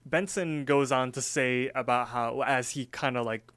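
A man co-hosting a podcast, telling stories in an animated way and swearing casually. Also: mid-range voice, measured pace. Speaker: podcast co-host. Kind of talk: casual chat.

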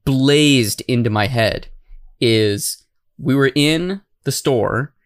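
A man from Tucson co-hosting a podcast, telling a family story in a lively, animated way. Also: mid-range voice, slow, no echo, clean studio sound. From Tucson, Arizona. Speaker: podcast co-host. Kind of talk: casual storytelling chat.

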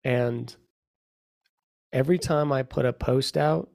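Halting man in dry, close sound. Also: medium pitch, gravelly, a little mellow, no echo. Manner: halting, searching for words. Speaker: podcast host, painter. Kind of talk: casual podcast chat.

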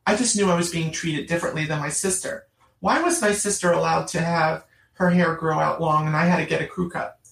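A woman's voice: low-pitched, steady tone, brisk, vocal fry. A middle-aged woman telling her personal story in an interview, earnest and emphatic, repeating phrases for stress. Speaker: guest. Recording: roomy, distant mic.

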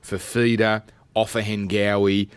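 An Australian man co-hosting a sports show, telling stories in a lively casual chat. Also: unhurried, clear, resonant tone, no room sound. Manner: animated storyteller, jumps high when excited. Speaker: radio sports co-host.

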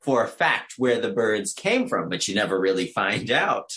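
A man's voice: lowish voice, big pitch swings, normal speed, sharp tone. A man co-hosting a casual film discussion, joking and laughing often as he talks. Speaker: podcast co-host.

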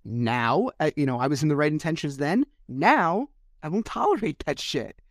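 A man's voice: fairly high pitch, lively intonation, moderate pace, dry recording, studio quality. A man hosting a podcast interview, talking emphatically, acting out quoted voices and swearing casually. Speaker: podcast host. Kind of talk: conversational interview.

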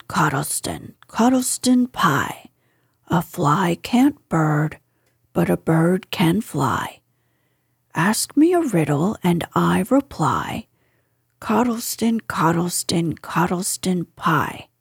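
A woman voicing a kindly, simple male teddy bear in a storybook, with gentle, soft, half-whispered singing. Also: on the low side, sing-song, very slow, slightly rough, no echo, clean studio sound, voice pushed down, exaggerated voice.

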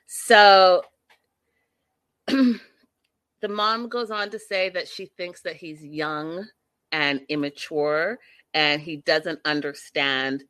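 Sassy woman recapping with bright close voice. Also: deep voice, no echo. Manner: animated, sassy, addresses viewers as y'all, acts out quotes. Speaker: reality TV recap vlogger. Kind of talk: casual commentary recap.

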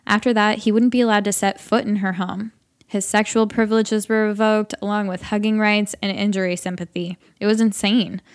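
Woman narrator, dry steady storytelling, mid-pitched voice. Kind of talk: audiobook narration of a comic short story.

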